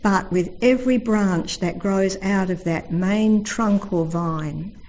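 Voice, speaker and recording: A woman giving a devotional Bible talk, telling the stories earnestly and slowing down for emphasis. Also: mid-range voice, darkish tone, rough recording. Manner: earnest storytelling, slows for emphasis. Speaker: Bible teacher.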